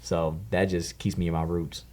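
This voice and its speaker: Young man, lowish voice, relaxed slangy storyteller in a group chat. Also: normal speed, a little hiss or hum. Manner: slangy, laid-back storytelling. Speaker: student or staff member.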